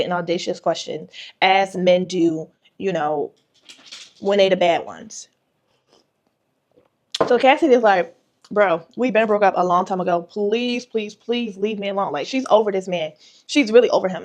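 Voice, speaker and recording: A woman author giving a casual vlog tutorial, retelling a story animatedly with quoted voices. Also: mid-range voice.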